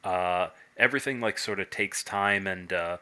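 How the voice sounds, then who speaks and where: A man, a brewer, chatting casually on a podcast, pausing often with fillers and restarts. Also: low-pitched, sharp tone, clear, resonant tone. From United States. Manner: hesitant, many "uh" fillers and restarts. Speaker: brewer guest.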